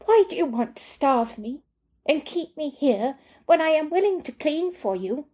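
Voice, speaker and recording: A woman reading aloud and voicing a young immigrant cleaner, starved but calm, who speaks in a careful, formal way. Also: sits high, pitched above the performer's own voice, rough recording. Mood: pleading. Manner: measured, formal, unyielding.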